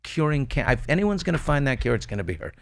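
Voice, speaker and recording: A middle-aged man hosting a casual talk show, bantering and telling a joke with loud put-on voices. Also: medium pitch, sing-song, quick pace, creaky. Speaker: host.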